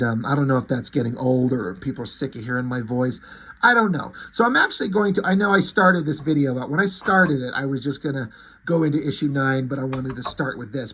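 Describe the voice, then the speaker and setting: A man's voice: on the high side, a bit bright, a little hiss or hum. A man reviewing comic books in a casual, rambling way, crude and full of fillers and restarts. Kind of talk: casual chat.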